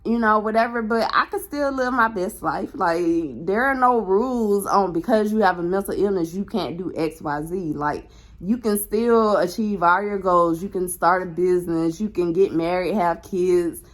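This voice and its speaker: A woman's voice: lowish voice, moderate pace, poor audio. A young adult woman talking candidly to her camera in a casual vlog, frank and chatty with some swearing. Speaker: vlogger.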